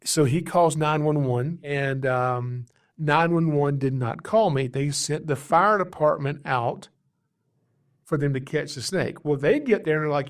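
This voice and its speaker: A man hosting a podcast, casually telling stories about his calls as a snake catcher, animated and chuckling as he acts out callers. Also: fairly high pitch, moderate pace. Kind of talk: casual storytelling.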